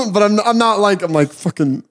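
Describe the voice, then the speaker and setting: A man's voice: high voice, expressive, normal speed. A young man co-hosting a podcast, chatting casually with crude jokes and mock voices. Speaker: podcast co-host. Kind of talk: casual chat.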